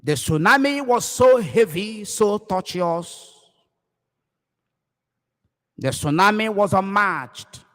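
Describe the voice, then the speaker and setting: A man with a Nigerian accent preaching a live broadcast as a pastor, impassioned and repetitive, swinging between shouts and low murmurs. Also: expressive, takes it slowly, long pauses, in a large hall.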